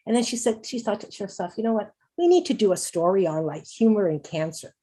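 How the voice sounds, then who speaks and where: Middle-aged woman, patient advocate at a conference; upbeat, chatty, quick laughs, frequent restarts. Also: medium pitch, expressive, mellow, slightly rough. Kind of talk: conference presentation.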